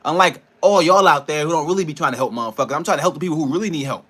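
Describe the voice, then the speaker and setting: Bright-voiced man ranting profanely. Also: on the high side, very fast. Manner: frustrated, profane, rambling rant with laughs. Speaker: personal trainer and nutrition coach. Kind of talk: casual ranting vlog.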